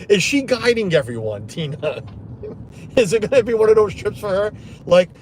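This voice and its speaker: A man's voice: high voice, big pitch swings, normal speed. A middle-aged man talking on a live stream from the cab of his truck, his voice rising and falling a lot. He rambles in a loose, chatty way and greets viewers as he goes, with faint background noise in the cab. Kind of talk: casual live chat. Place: inside a parked truck.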